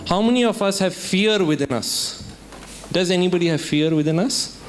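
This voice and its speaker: A man's voice: sits high, expressive, normal speed, soft background music. A man from India speaking as a keynote speaker at a student summit, telling a story and asking the audience questions. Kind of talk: motivational talk with storytelling. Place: lecture hall at a student summit.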